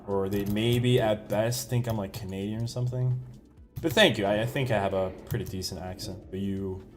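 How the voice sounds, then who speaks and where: A man from Sweden with a slight Swedish accent, chatting casually while streaming a game and bursting into excited exclamations. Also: on the low side, normal speed, faint music behind. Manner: excitable, laughs easily, bursts into loud exclamations. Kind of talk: casual live gameplay commentary.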